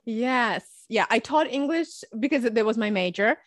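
A woman's voice: a little high, lively intonation, normal speed, no room sound. Woman guest, speaking coach; earnest explainer; dry, close recording. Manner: earnest, explains her career step by step. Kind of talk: interview answers.

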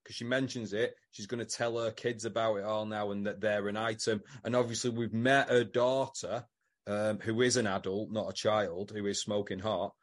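A man's voice: on the low side, flat delivery, normal speed. Male co-host, joking, teasing chat voice. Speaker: podcast co-host. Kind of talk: casual chat.

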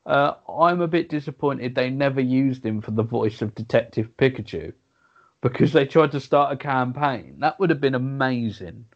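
A man's voice: mid-range voice, highs cut off. A man co-hosting a casual podcast, teasing and joking with the others. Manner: joking, teasing, quick asides. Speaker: podcast co-host.

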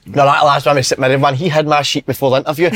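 A man's voice: a little high, little pitch movement, rapid-fire, fairly bright tone. A Scottish man with a slightly raised voice hosts a casual football podcast. He rambles through stories, swears freely and laughs at himself as he goes. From Scotland. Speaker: podcast host.

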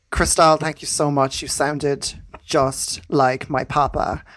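A man co-hosting a comedy podcast in a camp character, talking in a quick, gushing way. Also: a little high, level tone, fairly bright tone, no echo. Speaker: co-host in a comic persona. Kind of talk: improvised comedy role-play.

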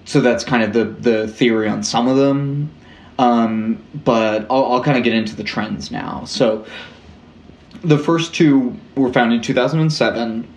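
A man's voice: mid-range voice, steady tone, unhurried, echoey room. A man hosting a casual true-crime podcast, rambling and joking, often breaking off and restarting his sentences. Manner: rambling, self-interrupting, joking. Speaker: podcast host.

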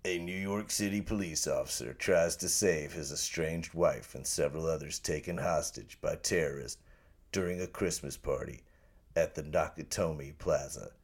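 A man putting on a deep, gravelly movie trailer announcer voice, with slow, weighty delivery. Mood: dramatic. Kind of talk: mock movie trailer voice-over.

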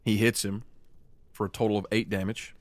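A man's voice: on the low side, level tone, a little hiss or hum. A man running a tabletop game as game master, narrating scenes vividly and calling rolls. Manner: vivid, descriptive narration with quick rules calls.

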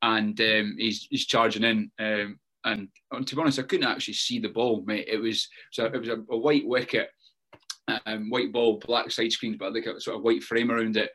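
A man's voice: on the low side, fairly even intonation, moderate pace, bright, forceful tone. Rambling man with a Scottish Borders accent. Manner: rambling, stacked fillers and repeats. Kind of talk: casual chat.

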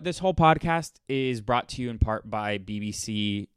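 A man hosts his own podcast alone, rambling in a blunt, offhand way and often restarting his sentences. His voice is smooth and clear. It is recorded dry and close, with no room sound. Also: fairly low pitch, expressive, normal speed, dry recording. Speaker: podcast host. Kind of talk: casual solo podcast monologue.

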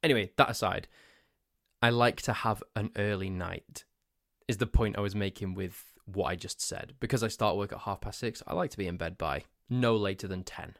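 A man's voice: lowish voice, moderate pace, vocal fry, a bit bright, no room sound, clean studio sound. A man hosting a solo podcast, telling a story in a rambling, self-mocking way. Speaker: podcast host.

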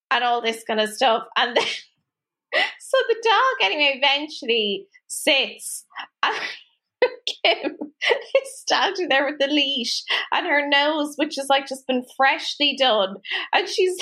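A woman co-hosting a podcast, chatting casually and telling animated stories, laughing often. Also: sits high, normal speed. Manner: animated storytelling, laughs often, acts out quotes. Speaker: podcast co-host. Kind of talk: casual chat.

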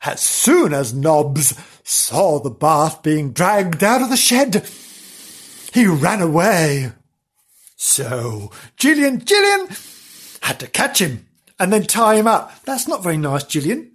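A man's voice: a little high, lively intonation, slow pace, husky. A man reading a comic animal story aloud, breaking off into playful, giggly asides to the listener.

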